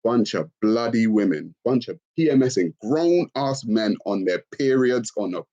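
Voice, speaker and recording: A man hosting a live stream, talking expressively and mockingly, often leaping into shrill put-on voices. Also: animated, normal speed, dark tone, dull audio. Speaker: livestream host. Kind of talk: animated live-stream rant.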